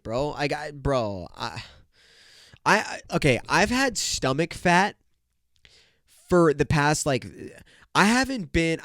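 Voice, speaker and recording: A man's voice: on the high side, fairly bright tone, no room sound, clean studio sound. A young man hosting a solo podcast, congested and nasal, rambling and joking with lots of swearing. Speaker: podcast host. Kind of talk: casual solo podcast chat. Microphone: podcast microphone.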